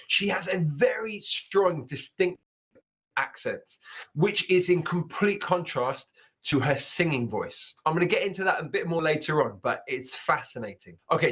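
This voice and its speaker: A man's voice: on the high side, a bit bright, highs cut off. Upbeat man teaching pronunciation. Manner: upbeat, repeats example words slowly to demonstrate sounds. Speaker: English teacher. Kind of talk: online pronunciation lesson.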